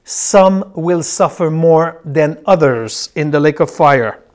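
Guy teaching scripture, slow, says every line twice, slightly high voice. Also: darkish tone. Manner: slow, repeats key phrases, tells students to circle words. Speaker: Bible teacher. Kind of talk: classroom Bible lecture.

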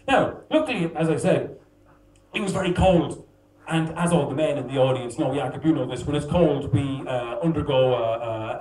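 A young stand-up comic tells crude, self-mocking stories to a live bar crowd. His voice sits a little high for a man and swings widely in pitch. He is picked up from a distance, with a roomy echo from the bar. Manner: animated, crude, self-mocking storytelling with laughs. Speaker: stand-up comedian. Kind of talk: stand-up comedy set. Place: small bar with a live audience.

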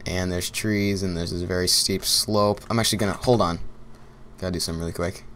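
Low-voiced young man rambling over a game. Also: steady tone, brisk, a bit bright, slight background noise. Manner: rambling and repetitive, talking to himself, with bursts of laughter. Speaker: gameplay commentator. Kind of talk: casual gameplay commentary.

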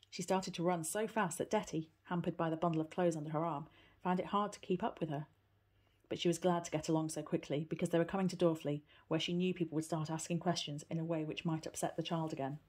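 A woman with a low, husky voice narrating a children's story aloud. Her reading is steady and even. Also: fast. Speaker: reader.

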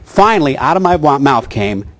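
An older man, a voice actor and comedian, telling an animated comic story and mimicking voices on a talk show. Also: medium pitch, normal speed.

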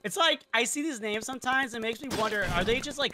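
A woman's voice: on the high side, fast talker, a loud crowd. A woman chatting casually while gaming, wry and talkative. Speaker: gamer.

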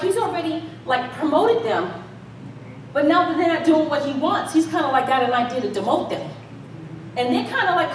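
A woman preaching a casual, playful sermon, joking and laughing with the congregation. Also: high voice. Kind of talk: conversational sermon. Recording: echoey church hall, mic at a distance.

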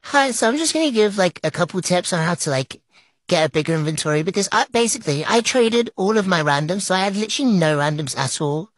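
A woman's voice: fairly low pitch, fast talker. Gushing girl gaming creator. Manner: gushing, excitable, lots of fillers like "like". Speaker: game creator. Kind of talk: casual gameplay commentary.

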